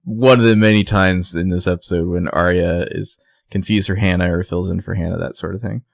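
A man with a deep, low voice talks through a TV episode in loose, rambling podcast chat, laughing now and then. The recording is dry and close, with no room sound. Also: fairly even intonation, a little fast, gravelly, no echo. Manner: rambling, conversational, laughs often. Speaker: podcast co-host. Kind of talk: casual TV episode recap chat.

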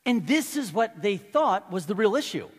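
A man preaching a sermon, telling a story in a lively way and acting out the quotes. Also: high voice, normal speed, husky. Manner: storytelling, animated, acts out quotes. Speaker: pastor. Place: church hall. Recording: long reverb of a large hall.

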